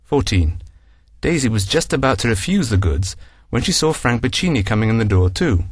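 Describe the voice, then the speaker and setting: A man's voice: mid-range voice, big pitch swings, fairly quick, breathy edge, no echo, studio quality. A man narrating a scripted story and announcing numbered sections. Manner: reads numbered sections aloud.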